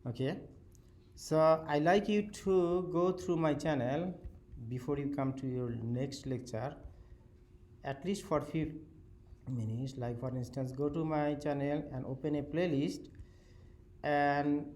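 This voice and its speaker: Non-native English-speaking professor lecturing a class. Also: male voice, a little high, darkish tone. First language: not English. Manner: non-native English with simple grammar, many "okay?" checks. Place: lecture hall.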